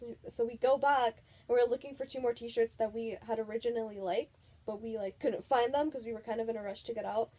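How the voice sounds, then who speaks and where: A woman's voice: on the high side, mellow. Giggly young woman telling a story. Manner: chatty, giggly, lots of filler words. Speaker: vlogger. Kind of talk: casual storytime.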